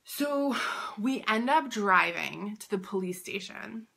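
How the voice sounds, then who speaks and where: A woman's voice: mid-range voice, slow pace, gravelly, slightly rough. A woman and boutique owner telling a story to camera in a casual, chatty way, with "like" in nearly every phrase. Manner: chatty, heavy use of "like", animated retelling. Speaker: boutique owner and business coach.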